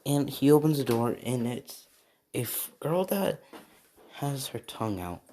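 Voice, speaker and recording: A man's voice: mid-range voice, sing-song, unhurried, mellow, a little hiss or hum. A man telling an improvised fan story in a rambling way, with many restarts and tag questions. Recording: echoey room, faint typing.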